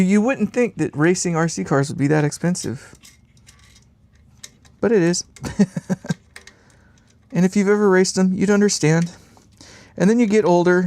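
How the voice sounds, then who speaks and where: Gravelly laid-back man, stuffy sinuses. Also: on the high side, a little mellow, dry recording. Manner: rambling, laid-back, swears casually, chuckles often. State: congested sinuses. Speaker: amp builder hosting a live stream. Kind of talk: casual live build chat.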